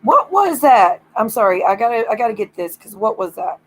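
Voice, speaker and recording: A woman's voice: medium pitch, steady tone, fast, low-quality recording. Gossipy woman livestreamer, laughing often. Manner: gossipy storytelling, acts out quoted lines, swears freely; giggly, breaks into laughter. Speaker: livestream host. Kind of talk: casual chat.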